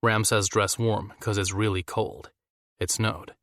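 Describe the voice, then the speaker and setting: A man's voice: on the low side, level tone, a little slow, a bit bright, no room sound, studio quality. A man voicing a take-charge adult man who speaks firmly and urgently.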